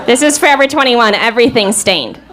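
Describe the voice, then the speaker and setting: A woman comedian voicing a deadpan young female store cashier, flat and dead-eyed. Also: fairly high pitch, a little fast, close to an everyday voice. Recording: live show with crowd noise.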